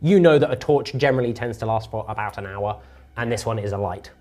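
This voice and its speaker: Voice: mid-range voice, fast, darkish tone. A game master narrating a tabletop game in an explanatory way, with frequent fillers.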